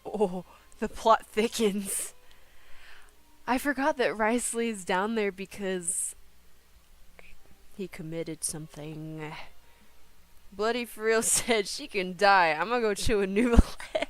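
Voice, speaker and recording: A woman's voice: mid-range voice, a little slow, no echo. A young adult woman streaming a game, chatting casually and giggling often, with a slangy manner. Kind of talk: casual gameplay commentary.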